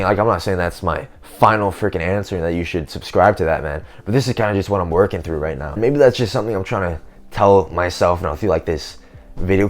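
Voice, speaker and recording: A young man with a deep, low-set voice talks straight to camera in a loose, rambling vlog. His speech is slangy and full of "man" and "dude". He sounds like someone thinking out loud. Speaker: self-improvement vlogger. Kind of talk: casual vlog monologue.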